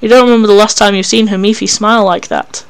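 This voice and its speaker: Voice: medium pitch, fairly even intonation, fast talker, clean tone. A narrator reading an interactive story game aloud in a wry, casual way, swearing freely.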